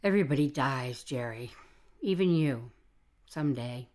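A woman's voice: extremely low pitch, expressive, normal speed, a little mellow. A woman reading the part of a stubborn, middle-aged homemaker who speaks firmly and defiantly. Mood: resolute. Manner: firm, defiant. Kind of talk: audiobook dialogue reading.

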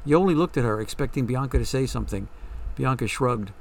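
A man's voice: medium pitch, fairly quick, gravelly, distant mic. A man reading a story aloud in a reflective storytelling way. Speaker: narrator. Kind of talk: scripted story narration.

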